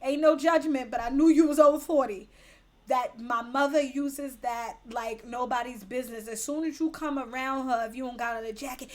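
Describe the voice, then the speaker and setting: A woman's voice: high voice, moderate pace, fairly bright tone. A woman hosting a casual livestream, reading viewer comments aloud in a brash, profane and teasing way. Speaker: livestream host.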